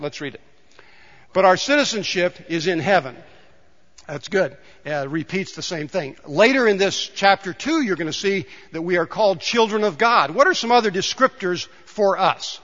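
A man's voice: sits high, fairly bright tone. A man preaching a conversational sermon in a church, often asking the congregation questions. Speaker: pastor. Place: church sanctuary. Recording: dull reverberant church recording.

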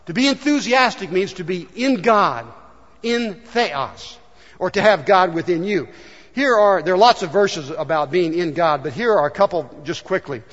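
A high-pitched man preaches a sermon in an earnest, storytelling manner, putting on voices for the people in his stories. His voice carries a long reverb from the hall, and the recording sounds dull. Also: lively intonation, normal speed, a bit bright. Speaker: pastor. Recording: dull echoey church hall.

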